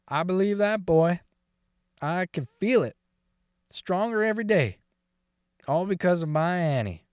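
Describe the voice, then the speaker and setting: A man's voice: a little high, no echo, clean studio sound, close to an everyday voice. A man doing a cussing old farmer. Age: older. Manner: folksy, rambling, heavy cursing, keeps saying "boy". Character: profane old male farmer, gruff and stubborn. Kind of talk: dramatic monologue reading.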